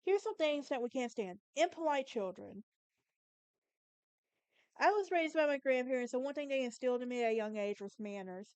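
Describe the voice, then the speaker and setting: Southern woman with a sassy, emphatic delivery, high voice, dry close sound. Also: lively intonation, moderate pace, a little mellow, smooth, no room sound. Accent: Southern American. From Southern United States. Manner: sassy, emphatic, talks straight to the listener. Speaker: podcast host. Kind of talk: casual monologue.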